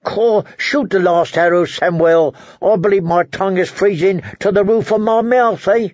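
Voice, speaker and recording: A man's voice: high-pitched, steady tone, normal speed, darkish tone, no echo, lo-fi sound, pitched above the performer's own voice. A man reading an audiobook, voicing a gloomy, dour man of the watch who ends his remarks with "eh?". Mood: glum, teasing. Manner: mournful, ends lines with "eh?".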